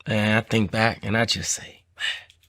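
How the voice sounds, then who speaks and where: A man's voice: level tone, measured pace, bright, forceful tone. A man telling his own conversion story in an earnest, heartfelt way, often repeating phrases and lifting his voice as he recalls the moment. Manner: earnest, repeats phrases, rises in pitch when moved. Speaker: testimony speaker. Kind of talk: personal testimony.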